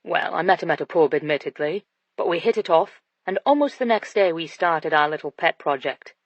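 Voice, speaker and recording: A woman reading an audiobook, voicing a confident, flirtatious British businessman with a low, teasing delivery. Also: a little fast, dry recording. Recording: dull dry studio sound.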